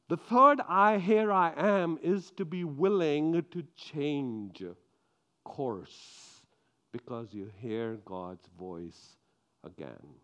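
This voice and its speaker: A man preaching a sermon, with emphatic stresses that drop into quiet, drawn-out lines. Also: high voice, clear, resonant tone, muffled recording.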